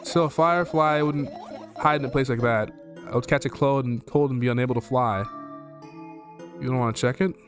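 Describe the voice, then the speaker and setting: A man's voice: mid-range voice, brisk, long pauses, over music. A man streaming a game from home, reading its text aloud and rambling in jokey, profane asides, easily startled. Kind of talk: casual let's play commentary, reading game text aloud. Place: at home with his dog.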